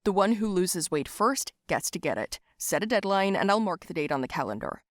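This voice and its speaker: A woman's voice: lowish voice, very animated, brisk, no room sound, studio quality. A woman doing a strict, firm dad. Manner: firm, matter-of-fact. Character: strict middle-aged father.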